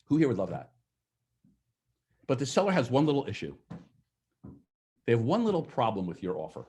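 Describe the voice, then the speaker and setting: A man giving a lively seminar talk to an audience of agents, asking them questions and acting out what clients say. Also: medium pitch, a little fast. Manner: energetic, asks the audience questions, acts out quoted clients. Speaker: real estate sales trainer.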